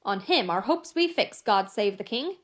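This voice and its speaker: A woman's voice: medium pitch, animated, moderate pace, close to an everyday voice. A brusque, stubborn English maid, read by a woman. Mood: brisk. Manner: emphatic, brusque. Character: brisk, stubborn middle-aged Englishwoman, a fierce loyal maid. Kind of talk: audiobook character reading.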